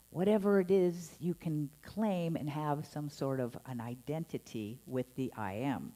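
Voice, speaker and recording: A woman's voice: low voice, a little slow, few pauses. A woman minister giving a Sunday sermon in a playful, conversational way. She acts out the tones she is talking about. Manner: animated and playful, acting out scolding tones with laughs. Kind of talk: Sunday sermon to a live and online congregation. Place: church service.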